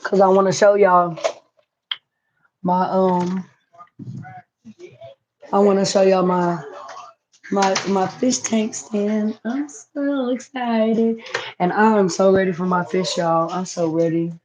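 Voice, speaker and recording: A woman's voice: fairly low pitch, little pitch movement, slow pace, long pauses, darkish tone, a little hiss or hum, poor audio. Chatty woman on a home livestream. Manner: chatty, reads viewer comments aloud. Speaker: livestream host. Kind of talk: casual livestream chat. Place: home, indoors.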